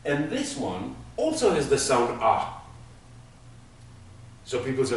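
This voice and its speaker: A man's voice: mid-range voice, wildly swooping pitch, takes it slowly. A man teaching a class, patiently explaining with everyday examples. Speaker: Hebrew teacher. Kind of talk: classroom lesson. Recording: echoey room from far off, faint noise.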